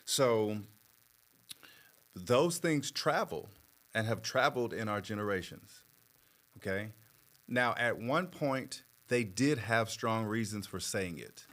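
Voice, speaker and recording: Low-voiced man explaining patiently. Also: expressive, a bit bright. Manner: measured, explains patiently with many fillers. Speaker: therapist guest. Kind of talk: conversational explanation.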